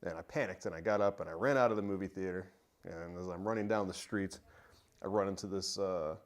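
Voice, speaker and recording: A man telling a ghost story in a casual, conversational way, often pausing with fillers. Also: sits low. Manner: conversational, halting with frequent pauses and fillers.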